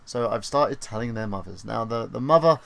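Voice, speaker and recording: A man's voice: mid-range voice, animated, moderate pace, gravelly, a bit bright. Man, podcast co-host, casual gaming chat, reads news aloud, rambling asides.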